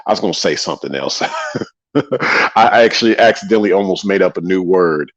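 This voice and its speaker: Deep-voiced man preaching on a livestream. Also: lively intonation, normal speed. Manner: preachy, repeats phrases for emphasis, greets chat viewers. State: tired after a long day. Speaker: livestream host. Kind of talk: casual livestream monologue. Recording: slightly dull lo-fi audio.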